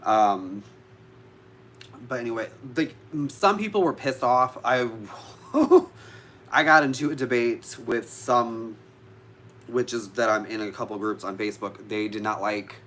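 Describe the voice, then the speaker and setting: A man with a mid-range, slightly bright voice vlogs casually to live viewers about witchcraft, speaking at an unhurried pace. He's chatty, easily sidetracked, and swears now and then. There's slight background noise.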